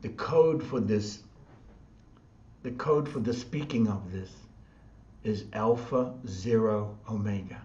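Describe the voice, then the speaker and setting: Slow repetitive New man, echoey. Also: fairly low pitch, a little mellow. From New Zealand. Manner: slow, repetitive, chant-like phrasing. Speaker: spiritual teacher. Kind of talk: spiritual talk. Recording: dull sound in an echoey room.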